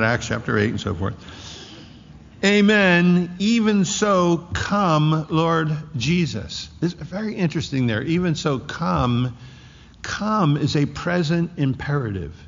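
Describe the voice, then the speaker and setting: A pastor preaching an expository sermon, emphatic, with slow drawn-out phrases that surge with intensity. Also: male voice, fairly high pitch, vocal fry. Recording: muffled hall with long reverb.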